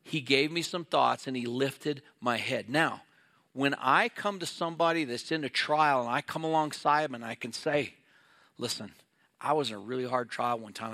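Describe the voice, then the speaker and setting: A man's voice: mid-range voice, fairly bright tone. A middle-aged male pastor preaching a sermon in an earnest, conversational way, acting out little quoted exchanges.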